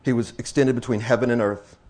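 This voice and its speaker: A man preaching a sermon to his congregation, dropping to hushed, slow passages and building to loud, excited exclamations, repeating phrases for emphasis. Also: mid-range voice.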